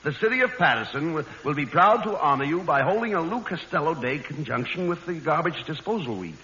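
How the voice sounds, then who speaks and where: Male actor as an exasperated comic straight man, fairly high, noisy old broadcast in a hall. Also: animated, lo-fi sound, natural voice. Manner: brisk, exasperated, bossy.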